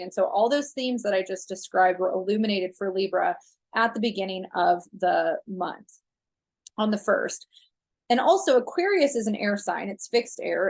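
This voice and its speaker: A woman astrologer talking through a monthly horoscope in a casual, rambling way with frequent fillers. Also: mid-range voice.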